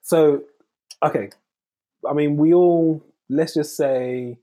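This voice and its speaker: A man co-hosting a podcast, talking in a halting way and often searching for his words. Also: a little high, fairly even intonation, dark tone. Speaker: podcast co-host. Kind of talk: casual chat.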